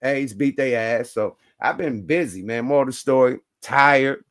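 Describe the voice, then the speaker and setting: A man telling a story in casual chat, animated and slangy, acting out both sides. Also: mid-range voice, a little slow. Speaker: host.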